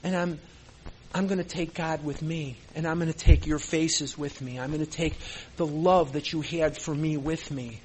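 At normal speed and in a steady, slightly high tone, a man delivers an impassioned speech to a recovery meeting over a little hiss or hum. Emotional and sincere, he repeats phrases for emphasis as he holds back tears.

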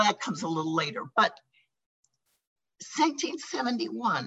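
Older woman with a breathy, lively voice. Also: mid-range voice, poor audio. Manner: emotional, halting, laughing and sighing between thoughts. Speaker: speaker sharing at a recovery meeting. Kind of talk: personal testimony.

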